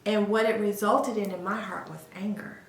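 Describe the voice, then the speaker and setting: A woman's voice: mid-range voice, steady tone, moderate pace, a little hiss or hum. A woman co-hosting a podcast, telling a candid personal story in an earnest way, often laughing at herself and turning to listeners with "y'all". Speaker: podcast co-host. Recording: echoey room.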